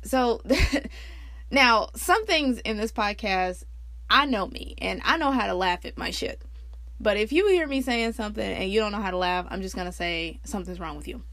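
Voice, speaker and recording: A woman's voice: moderate pace, no room sound. Candid, swearing woman podcaster. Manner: candid, laughs often, swears freely; animated storytelling with big pitch jumps. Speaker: podcast host. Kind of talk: casual personal monologue.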